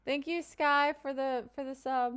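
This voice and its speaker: A woman's voice: high voice, fairly even intonation, unhurried, fairly bright tone. A woman from Kentucky streaming live, chatting casually with her viewers and reading out their comments with loose asides and fillers.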